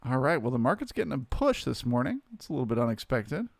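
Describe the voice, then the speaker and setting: A man with a mid-range, slightly gravelly voice talks through price levels in an unhurried, conversational way, greeting viewers by name as he goes. The sound is dry and close, with no room echo. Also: mid-range voice, very animated. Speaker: trading stream host. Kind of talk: live market commentary.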